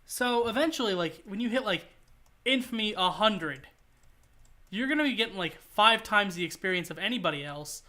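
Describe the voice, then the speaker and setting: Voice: medium pitch, lively intonation, moderate pace, bright, forceful tone. A streamer chatting casually while gaming, rambling with lots of filler words.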